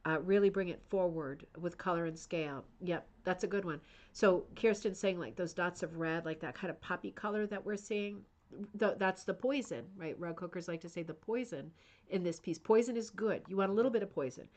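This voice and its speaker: An American woman hosts a live stream for a rug hooking club, talking enthusiastically about a book and reading viewer comments aloud. Her voice is fairly low and darkish, and she speaks a little fast.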